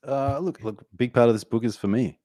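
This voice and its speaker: A man's voice: mid-range voice, a little fast, warm tone, no echo, clean studio sound. An Australian man in his forties, a podcast guest talking candidly and at length in a casual interview. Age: 40s. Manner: talkative, candid, tells stories with asides.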